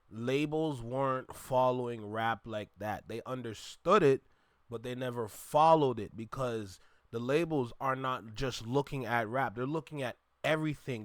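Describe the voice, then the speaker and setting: A man's voice: medium pitch, unhurried, no room sound. A man hosting a reaction video, commenting with emphatic, preachy talk and addressing listeners as "y'all.". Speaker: reaction channel host.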